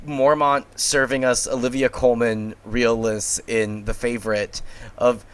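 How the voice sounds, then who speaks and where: A man co-hosting a casual book podcast, animated and jokey, often repeating words. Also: medium pitch, a little slow, clear, resonant tone. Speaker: podcast co-host.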